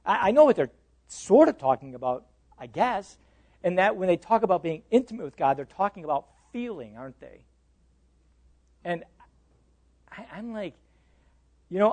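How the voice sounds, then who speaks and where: A man with a fairly high voice teaches a Bible class as a pastor. He is animated and conversational, tosses questions to his listeners, and often doubles back on his own words mid-sentence. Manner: animated, quizzes listeners, repeats and restarts words.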